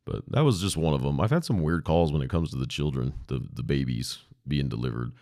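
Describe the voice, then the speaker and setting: A man with an extremely deep, low voice tells a story casually and candidly as a podcast host. He swears frankly and talks in a loose, conversational way. The recording is dry and close. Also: lively intonation, a little fast, a little mellow, no echo. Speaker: podcast host, former 911 dispatcher.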